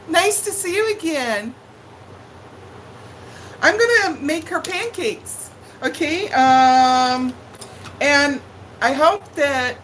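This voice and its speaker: Slow chatty woman greeting viewers. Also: slight background noise, rough recording. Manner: chatty, greets viewers by name with high sing-song hellos. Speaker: livestream cooking host. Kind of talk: casual live-stream chat. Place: living room at home.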